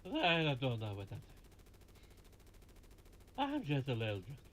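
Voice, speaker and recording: A man with a middle-pitched voice hosts a relaxed game stream, rambling and cracking jokes between laughs. Faint game gunfire and noise sit under his chat. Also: measured pace. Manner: joking, rambling, laughs at his own lines. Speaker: stream host. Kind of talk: casual gaming stream chat.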